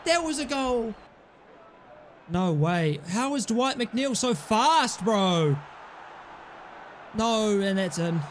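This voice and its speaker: A young man calls his own football video game, swearing and shouting at his players. His voice sits very high and bright. A faint hiss runs under the recording. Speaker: gaming YouTuber. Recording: faint background noise.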